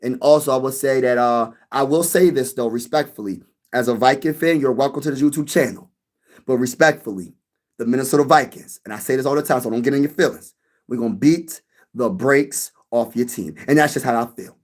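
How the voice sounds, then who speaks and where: A man hosting a casual sports live stream, chatting with viewers in an animated way and often repeating himself. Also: mid-range voice, brisk. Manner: animated, repeats himself, addresses chat directly.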